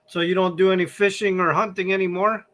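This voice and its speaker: Bright high-voiced male podcast host. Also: level tone, quick pace. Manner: reads numbered questions. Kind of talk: interview questions.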